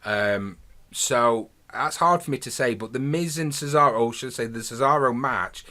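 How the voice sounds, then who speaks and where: A man's voice: medium pitch, moderate pace, bright, forceful tone. A man in his thirties hosting his own podcast, talking through a review in a chatty, rambling, enthusiastic way. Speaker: podcast host. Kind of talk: casual solo review monologue.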